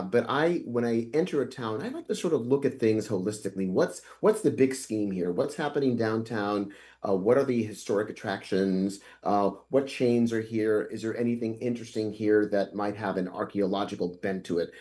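A man with a lowish, mellow voice, talking as a guest on a radio interview. He answers in a thoughtful, halting way, often stopping to restart his sentences. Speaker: guest author.

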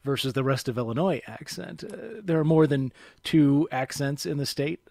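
A man's voice: fairly high pitch, normal speed, gravelly, a little mellow, no echo, clean studio sound. A man hosting a radio talk show, introducing clips and asking curious questions in a conversational way. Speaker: radio host.

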